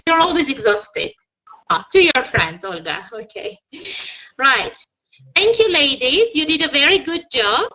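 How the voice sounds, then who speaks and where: This is a woman teaching an English class over a video call, with a high voice and a bright, crisp edge. She guides students patiently and keeps offering encouragement as she corrects them. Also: big pitch swings, measured pace, low-quality recording. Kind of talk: online English lesson.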